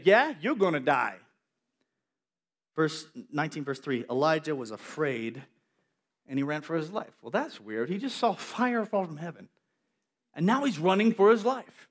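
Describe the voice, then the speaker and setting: A male preacher giving a sermon, telling a story in an animated way with acted-out voices. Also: high-pitched.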